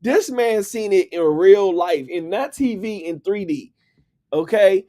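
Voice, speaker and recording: A man with a DC accent hosting a casual livestream. His voice sits a little high and swings widely as he laughs and talks straight to his viewers, with plenty of energy. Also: expressive, a little slow, dark tone. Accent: Washington DC. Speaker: livestream host and book writer.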